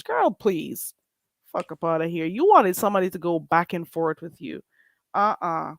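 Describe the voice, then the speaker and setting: A woman with a Caribbean accent hosting a casual livestream chat, emphatic and animated, often laughing as she talks. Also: medium pitch, normal speed, no room sound. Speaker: livestream host.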